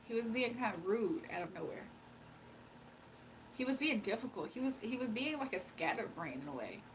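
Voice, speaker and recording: A woman's voice: fairly high pitch, lively intonation, normal speed, noisy background. Sleepy young woman telling a story. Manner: rambling, slangy, confiding. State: sleepy and tired. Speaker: livestream host. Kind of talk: casual storytelling on a livestream.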